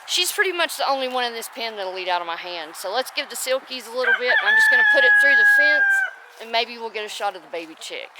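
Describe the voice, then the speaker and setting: A woman vlogging from her homestead talks fast in a high voice with huge pitch swings as she does farm chores by the chicken and rabbit pens. She keeps stopping to coo at her chickens by name, and the recording is very noisy.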